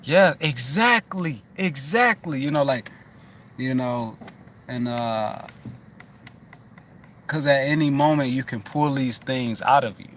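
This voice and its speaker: A man talks to his listeners in a loose, rambling way, swearing freely and doubling back on his words. His pitch sits in the everyday middle range. Faint noise hangs in the background. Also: slow, pauses often, a bit bright. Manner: rambling, loose and profane, with many restarts. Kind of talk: casual chat.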